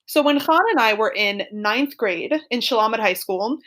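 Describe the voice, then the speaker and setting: A woman's voice: a little high, normal speed, fairly bright tone. A young woman co-hosting a podcast, telling a personal story in a chatty, giggly way full of "like" and "super". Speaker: podcast co-host.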